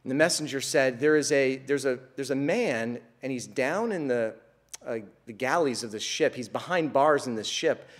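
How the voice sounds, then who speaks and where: A man's voice: medium pitch, normal speed. A man preaching a sermon, telling an illustration story in an earnest way and then building to emphatic, repeated declarations.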